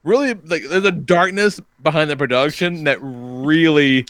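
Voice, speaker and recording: A man's voice: on the high side, normal speed, a bit bright, no room sound. A middle-aged man hosting a podcast, telling profane stories and laughing often in casual chat. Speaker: podcast host.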